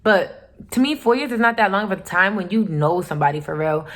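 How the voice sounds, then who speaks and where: A young woman vlogger recounts a personal story in a casual, emphatic way. She is blunt and profane, and her voice sits at a middle pitch. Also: expressive, a little fast, fairly bright tone. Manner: candid, profane, emphatic retelling.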